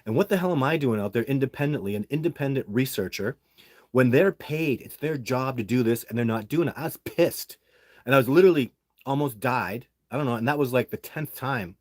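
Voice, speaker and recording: A man's voice: medium pitch, a little fast, dry recording, studio quality. A man from Canada, an independent Sasquatch researcher who hosts the show, telling a story in a casual monologue. He talks bluntly and heatedly and swears freely while he vents.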